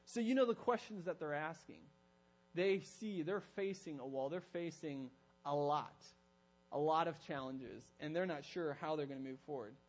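Animated preacher man, slightly high voice. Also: normal speed, low-quality recording. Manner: animated, acts out quoted voices in storytelling. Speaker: pastor. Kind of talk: sermon. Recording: low mains hum.

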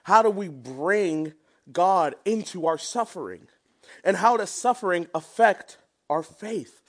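Young man, high voice, preaching a sermon, earnest and conversational. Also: expressive, fairly bright tone. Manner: earnest, conversational, with quick asides and laughs.

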